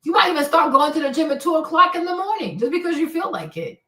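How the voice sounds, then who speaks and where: A woman's voice: sits high, very animated, quick pace, pushed and bright, echoey room, far from the mic. A woman hosting a livestream, handing out blunt relationship advice in a brash, profane, mocking way. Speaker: livestream host.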